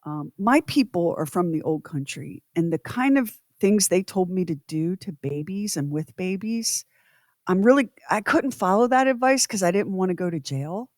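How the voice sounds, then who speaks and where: A woman co-hosting a podcast, chatting in an expressive way and building her stories up to punchlines. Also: on the low side, moderate pace, dry recording, studio quality. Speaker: radio and podcast co-host. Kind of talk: casual podcast chat.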